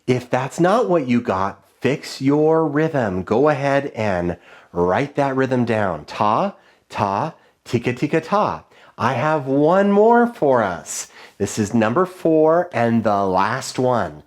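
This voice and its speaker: A male music teacher leading children through rhythm dictation, chanting rhythm syllables in a high sing-song and giving clear, encouraging call-and-response instructions. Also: big pitch swings, slow pace. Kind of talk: online music lesson for children.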